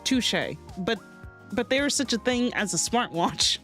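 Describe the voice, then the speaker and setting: A woman streamer reading a game aloud with giggly, animated commentary. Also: on the high side, measured pace, faint music behind.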